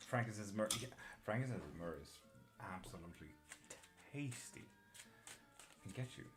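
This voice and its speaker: A man's voice: on the low side, animated, moderate pace, music in the background. Chatty man with a mixed Irish-British accent. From Sweden. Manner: chatty, swears casually, laughs often, reads chat aloud. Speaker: tarot reader streaming live. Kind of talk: casual live-stream chat. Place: home streaming setup in England.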